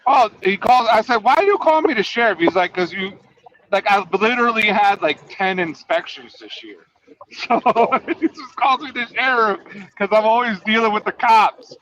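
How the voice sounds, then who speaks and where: A man's voice: sits high, moderate pace, fairly bright tone, a little hiss or hum. A man who drives trucks, hosting a casual, rambling, profanity-filled chat and teasing his guests. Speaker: trucker and podcast host. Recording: dull lo-fi audio.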